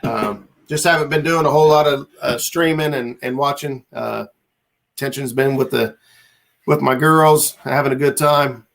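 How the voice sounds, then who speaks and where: Gravelly laid-back man hosting a stream. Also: medium pitch, moderate pace, fairly bright tone. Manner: laid-back, rambling, reads out viewer comments. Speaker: livestream host. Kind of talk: casual livestream chat.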